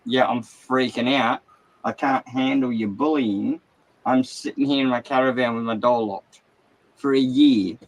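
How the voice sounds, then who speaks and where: A man's voice: mid-range voice, fairly even intonation, unhurried, low-quality recording. An Australian man hosting a casual livestream, ranting with heavy swearing from his caravan. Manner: agitated, heavy swearing, rambling. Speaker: livestream host.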